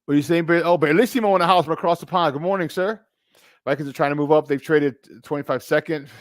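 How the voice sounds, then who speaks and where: A middle-aged man hosting a live sports talk stream, animated and emphatic, repeating his points and greeting viewers by name. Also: a little high, quick pace, no room sound, studio quality. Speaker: sports talk show host.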